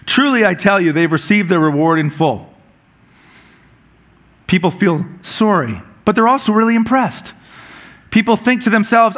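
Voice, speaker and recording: Male pastor with a high voice, relaxed and joking sermon delivery, frequent word repeats. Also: moderate pace. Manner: conversational and humorous, with repeated words when restarting.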